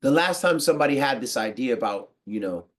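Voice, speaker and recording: American dude riffing casually, lots of slang, laughing a bunch, mid-pitched voice. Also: male voice, fast. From United States. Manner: slangy, animated, laughs often. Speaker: podcast host. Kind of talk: casual monologue.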